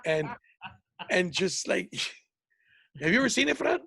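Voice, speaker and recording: Gravelly high-voiced man telling stories. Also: sing-song, takes it slowly, bright, forceful tone, no room sound, studio quality. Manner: profane, rambling storytelling with many restarts. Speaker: podcast host and comedian. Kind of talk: casual chat.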